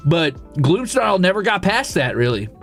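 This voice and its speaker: A man streaming and chatting casually, excitable and profane, with sudden loud outbursts. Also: high voice, moderate pace, vocal fry, soft background music. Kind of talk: casual live-stream chat.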